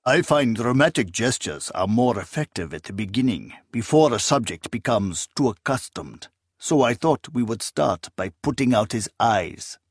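A man voicing a cold, calculating male sorcerer spymaster who speaks in a calm, measured, quietly menacing way in an audiobook. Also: medium pitch, husky, no room sound, clean studio sound.

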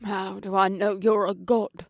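A man voicing a grieving, suspicious older woman who stammers in a high voice. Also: level tone, measured pace, creaky, dry recording, studio quality.

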